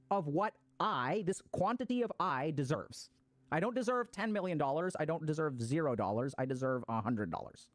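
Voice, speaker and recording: A man's voice: fairly high pitch, no room sound. A man giving a casual explanatory talk on mental health, swearing freely and acting out people's reactions.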